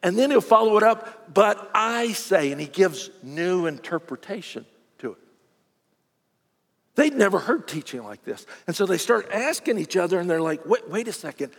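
Animated high-voiced preacher, husky. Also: male voice, normal speed. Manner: animated preaching, acting out voices of crowds and scribes. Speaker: pastor. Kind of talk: sermon. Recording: long reverb of a large hall.

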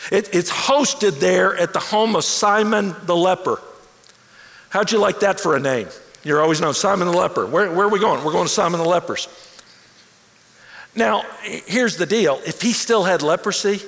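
A man, a pastor preaching a sermon in an animated way that rises toward near shouts. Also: high-pitched, big-room sound.

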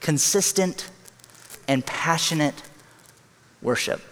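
Pastor, male, earnest sermon delivery, slightly high voice, reverberant sanctuary. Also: a bit bright. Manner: earnest, emphatic preaching with quick bursts and slow stressed lines. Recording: long hall reverb.

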